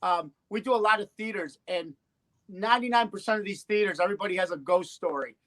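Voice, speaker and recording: A middle-aged man, a comedian guest, telling stories in a rambling, relaxed way. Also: high voice, fast, low-quality recording. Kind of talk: casual chat.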